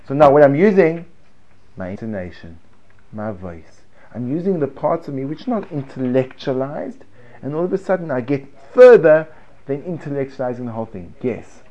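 A man teaching a Torah class, animated, swinging between loud emphasis and hushed tones. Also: medium pitch.

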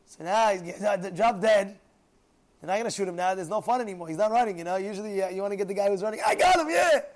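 A man, a rabbi, preaching a sermon through a parable, telling it in an animated way and often adding "you know". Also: high voice, fast. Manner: animated storyteller, acting out every character.

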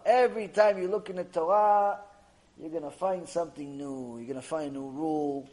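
The audio is poor, and this male speaker sits on the high side, moving briskly. Lecturing on Torah as a rabbi, he's animated and repetitive, playing the characters of the stories he recounts.

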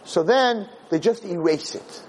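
A man who lectures on Jewish themes, delivering an animated, dramatic storytelling sermon. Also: sits high, unhurried, slight background noise, poor audio.

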